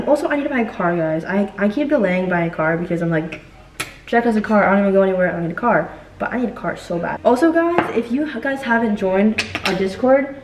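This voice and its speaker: A woman's voice: mid-range voice, darkish tone, reverberant, distant mic, slight background noise, low-quality recording. A young woman vlogger telling a story in casual chat while cooking at home, dramatic and full of filler words. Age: young adult.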